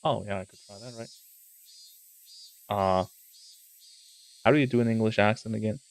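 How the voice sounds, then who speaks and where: A man's voice: fairly low pitch, normal speed. A man streaming live, chatting and rambling while reading a visual novel aloud. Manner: rambling, self-interrupting.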